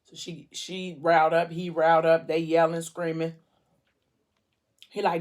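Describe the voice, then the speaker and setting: A woman's voice: deep voice, completely flat delivery, unhurried, darkish tone. A woman vlogger chatting casually, telling a story while she eats between phrases. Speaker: mukbang vlogger. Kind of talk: casual chat.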